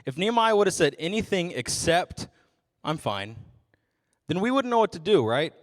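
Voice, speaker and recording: A man's voice: sits high, expressive, fairly quick, in a large hall. A young adult man giving a youth sermon as a ministry intern, casual and self-deprecating with frequent jokes.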